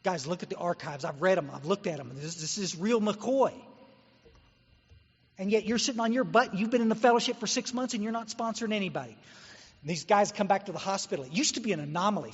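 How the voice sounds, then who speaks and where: A man from Texas speaks at a recovery meeting in a blunt, exhorting storytelling manner. His voice is husky and sits fairly high. The recording is dull and echoes through a long-reverb hall. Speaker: guest speaker.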